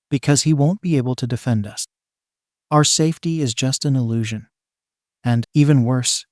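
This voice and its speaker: A man's voice: mid-range voice, darkish tone, no echo, studio quality, natural voice. A man reading as an anxious, tearful young woman.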